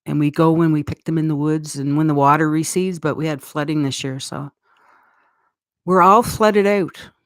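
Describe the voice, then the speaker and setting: A woman's voice: sits low, fairly even intonation, normal speed, no echo, studio quality. A middle-aged woman from Eastern Canada with a Canadian accent, chatting casually on a live stream in a rambling way and laughing often. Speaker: livestream host.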